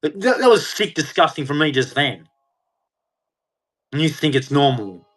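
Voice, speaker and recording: A man's voice: on the high side, expressive, measured pace, fairly bright tone. A man delivering an angry, heated rant, swearing and speaking with hard emphasis. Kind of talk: angry ranting monologue.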